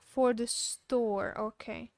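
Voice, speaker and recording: A woman's voice: on the high side, fairly even intonation, slow, a little mellow, dry recording, clean studio sound. A woman co-hosting a livestream, dropping blunt, wry short remarks in casual chat. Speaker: livestream co-host.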